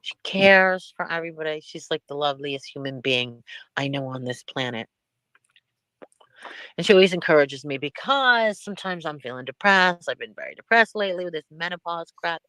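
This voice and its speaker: A woman's voice: deep voice, lively intonation, moderate pace, a bit bright, smooth, no room sound. A middle-aged woman hosting a live stream in casual chat, rambling from one thing to the next and laughing often.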